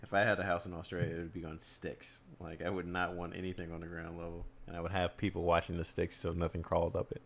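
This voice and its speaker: Deep-voiced American man chatting on stream. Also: level tone, fast talker, vocal fry, few pauses. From United States. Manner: laughing, joking, acts out silly voices. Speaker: streamer host. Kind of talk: casual chat on a stream.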